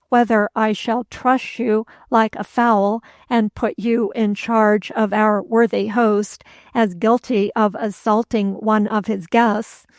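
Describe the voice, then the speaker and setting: A woman playing an unflappable English gentleman in a storybook reading, cool and lightly sarcastic. Her delivery is slow and even, the pitch held flat on a somewhat high voice. The sound is dry and close. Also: dry recording. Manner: cool, unperturbed, mildly mocking.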